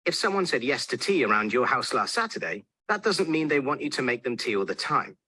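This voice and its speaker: Man, explainer narration, wry and patient, husky, dry close sound. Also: mid-range voice, sing-song, a little fast, sharp tone, no echo. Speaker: video narrator.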